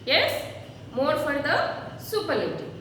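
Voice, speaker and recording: Slow-spoken woman teacher in echoey room. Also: sits high, very animated, a bit bright, slight background noise. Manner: slow, repeats word forms for children. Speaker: schoolteacher. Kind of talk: classroom grammar lesson. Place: classroom. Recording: echoey room, far from mic.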